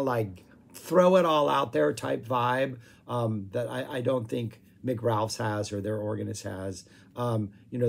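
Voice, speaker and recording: A man casually talking through his favorite songs, with frequent fillers and a voice that is going hoarse. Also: mid-range voice, darkish tone. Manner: rambling, filler-heavy, hums guitar riffs. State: losing his voice, clearing throat. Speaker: music review vlogger. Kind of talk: casual chat.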